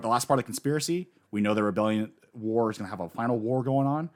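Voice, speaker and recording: A man in casual chat, recapping a story with lively enthusiasm and acting out the characters he quotes. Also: fairly low pitch. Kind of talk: casual manga discussion.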